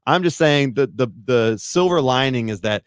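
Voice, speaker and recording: A man's voice: medium pitch, lively intonation, moderate pace, clean tone, no echo, studio quality. A man, a podcast guest, chatting casually in a rambling, self-deprecating way that hedges a lot. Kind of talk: casual chat.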